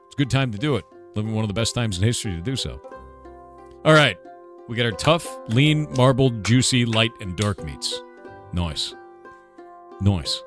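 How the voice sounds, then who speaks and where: A man in his forties, a game developer and streamer, chats casually on a livestream, rambling, laughing often and swearing offhandedly. His medium-pitched voice is expressive, fairly quick and a bit bright, with faint music behind him.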